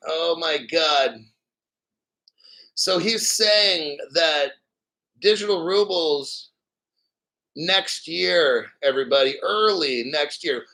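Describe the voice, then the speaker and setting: A man's voice: fairly high pitch, extremely slow, pauses often, bright, forceful tone, low-quality recording. A man hosting a crypto video, reading out a news article and reacting in a hyped, boastful way. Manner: hyped, boastful, laughing often. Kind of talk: excited commentary reading an article.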